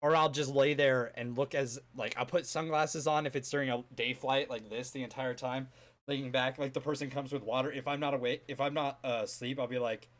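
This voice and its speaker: A man's voice: mid-range voice, steady tone, a little fast. A man hosting a casual podcast chat, rambling and swearing freely, laughing often. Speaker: podcast host.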